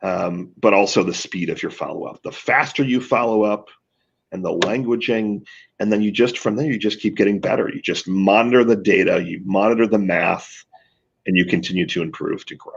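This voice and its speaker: A man's voice: lowish voice, a little fast, vocal fry, husky. A man explaining things in a coaching way as a guest in a video call interview. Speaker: marketing guest expert. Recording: dull lo-fi audio.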